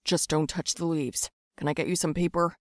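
A calm, easygoing teenage boy speaks gently with a teasing edge, as a woman puts him on. He sits slightly lower than her own voice, and the sound is close and dry. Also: moderate pace, no echo, close to an everyday voice. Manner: calm, low-key and teasing.

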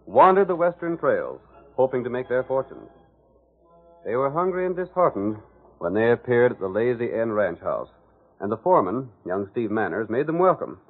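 A man's voice: medium pitch, slightly rough. A man narrating a 1930s radio western in a dramatic, stately announcer style. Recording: narrow lo-fi 1930s radio broadcast.

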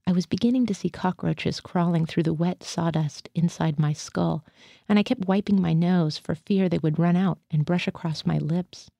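A woman reads a first-person literary story aloud at a steady, measured pace. Her voice is low and mellow, and it is heard close up with a dry sound. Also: vocal fry, dry recording. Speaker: reader. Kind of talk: reading literary fiction aloud.

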